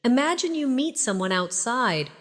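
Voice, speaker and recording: A woman's voice: on the high side, big pitch swings, normal speed, in a large hall. A woman teaching an English lesson in scripted narration, speaking patiently and encouragingly and modeling phrases for listeners to repeat.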